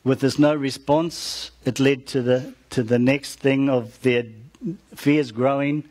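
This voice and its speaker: Husky-voiced man preaching a story sermon. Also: medium pitch, darkish tone. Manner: retells a story with call-outs to the congregation.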